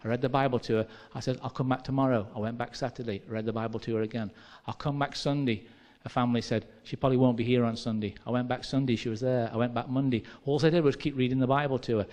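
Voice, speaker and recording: A man's voice: medium pitch, steady tone, fast talker, hardly any pauses, darkish tone, muffled recording. An English preacher with a Midlands accent tells a personal story from the pulpit. He speaks conversationally and acts out the dialogue as he goes. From England. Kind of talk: sermon storytelling.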